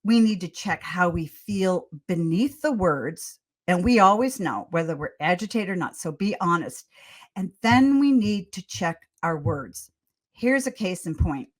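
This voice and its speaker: A woman's voice: on the low side, animated, a little slow. Older woman doctor on a podcast, earnest storyteller, trips over her words and repeats herself. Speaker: pediatrician and parenting author, guest. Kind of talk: conversational advice in a podcast interview.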